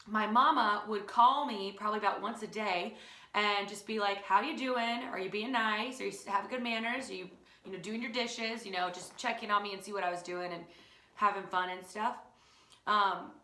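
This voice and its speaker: A young woman teacher telling a family story to children, playful and animated, acting out the quoted lines. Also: mid-range voice. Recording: echoey room.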